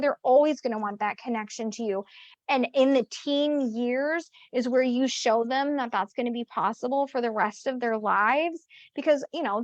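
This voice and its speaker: Blunt woman coach, kinda high voice, swears a lot, dry close sound, bit dull and lo-fi. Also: dry recording. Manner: emphatic, blunt, swears freely. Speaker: business coach. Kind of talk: podcast coaching talk. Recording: dull lo-fi audio.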